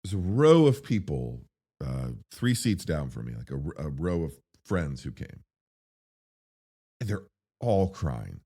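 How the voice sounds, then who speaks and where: Low-voiced man gushing about a film. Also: measured pace, husky. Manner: excitable and rambling, with profanity and big pitch swings when worked up. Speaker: movie reviewer host. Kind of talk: spoken film reaction.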